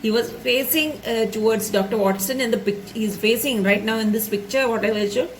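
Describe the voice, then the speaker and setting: A woman teacher with a fairly high voice walks her students through a story. She repeats and rephrases each point and keeps checking in with tag questions. A faint hiss sits under her voice. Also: fairly quick, rough recording.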